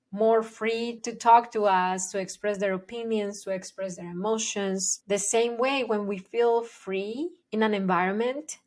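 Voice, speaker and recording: A woman working as a parenting educator, explaining her ideas to the camera in an earnest, emphatic way and repeating her key points. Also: mid-range voice. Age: adult, parent of young children.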